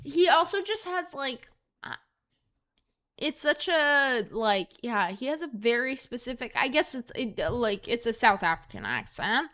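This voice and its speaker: A young woman co-hosting a casual podcast chat, rambling and halting with lots of fillers and restarts. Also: a little high, sing-song, bright, forceful tone. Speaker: podcast co-host.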